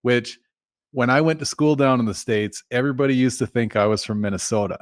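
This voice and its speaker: A man's voice: mid-range voice, a little fast, dry recording, studio quality. A man from Canada hosting a podcast, laid-back and chuckling, swearing casually. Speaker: podcast host. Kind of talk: casual chat.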